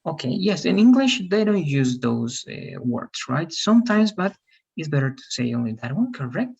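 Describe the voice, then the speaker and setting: Husky teacher giving patient feedback. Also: mid-range voice, very animated, normal speed, darkish tone, muffled recording. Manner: encouraging, correcting pronunciation patiently. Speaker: English teacher. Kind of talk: online class feedback.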